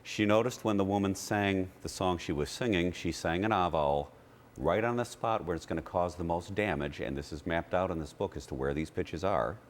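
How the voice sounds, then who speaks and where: Very deep-voiced male voice teacher. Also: normal speed, a little hiss or hum. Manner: explanatory, demonstrating vowels. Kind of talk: TV interview, explaining with sung demos.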